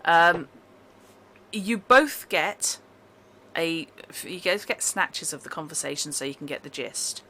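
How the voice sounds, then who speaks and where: Bright-voiced woman running a tabletop game. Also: on the low side, expressive, takes it slowly. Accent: northern English. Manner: playing several characters in between narration. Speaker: game master.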